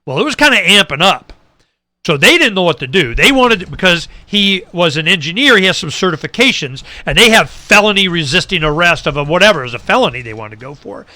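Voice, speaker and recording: A middle-aged man hosting a talk show, telling a long story in casual chat, animated and dropping low for asides. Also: a little fast, dry recording. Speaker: radio show host.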